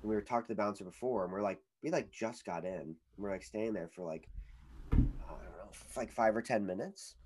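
Rambling young man, low voice. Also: brisk, darkish tone. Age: young adult. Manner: rambling storyteller, heavy use of "like". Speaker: podcast co-host. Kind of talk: casual chat.

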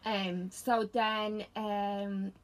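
A woman's voice: medium pitch, flat delivery. A woman with a Dublin accent, co-hosting a casual chat and telling stories bluntly and with plenty of swearing. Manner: blunt, swears freely, tells stories fast. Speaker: podcast co-host.

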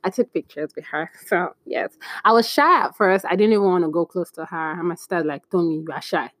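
A young woman in casual storytime chat, chatty and animated, acting out bits of dialogue with exclamations. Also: fairly low pitch, fairly quick, no room sound. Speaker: vlogger.

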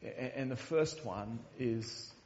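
A man's voice: medium pitch, takes it slowly, darkish tone, in a large hall, dull audio. A man preaching a sermon in a church, speaking earnestly and often repeating the first word of a sentence. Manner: earnest, repeats words when starting sentences. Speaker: pastor.

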